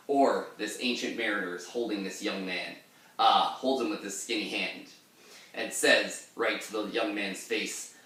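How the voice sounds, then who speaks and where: A lowish male voice talks through an old poem in a loose, rambling way, with plenty of filler words and asides. He sounds a little way off the mic, and the room gives his voice a strong echo. Now and then he swings into a booming pirate reading. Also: steady tone, measured pace, sharp tone, far from the mic. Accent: pirate-style put-on accent in readings. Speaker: literature lecturer. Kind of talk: informal poetry lesson with pirate-voiced readings. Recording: echoey room, voice a bit off-mic.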